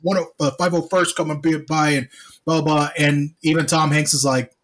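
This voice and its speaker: A man's voice: fairly high pitch, moderate pace. A man co-hosting a casual movie podcast, telling stories animatedly and acting out quotes. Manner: animated storyteller, laughs, acts out quotes. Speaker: podcast co-host.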